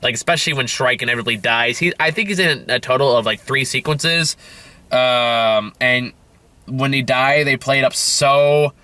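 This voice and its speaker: A man's voice: mid-range voice, normal speed, pushed and bright. A man reviewing a film in a casual rant, sarcastic and profane, rambling with lots of fillers and sounding tired.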